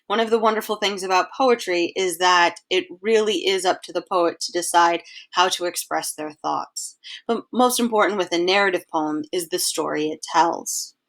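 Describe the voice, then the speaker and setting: A woman's voice: fairly low pitch, a bit bright. Woman teacher explaining poetry terms. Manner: clear, patient explaining, reads poem lines aloud in a slow measured way. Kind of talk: recorded slideshow lesson.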